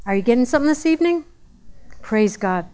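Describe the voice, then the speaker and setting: A woman's voice: fairly high pitch, lively intonation, fast, warm tone, clear, resonant tone. A woman preaching a sermon in a conversational way, repeating phrases for emphasis.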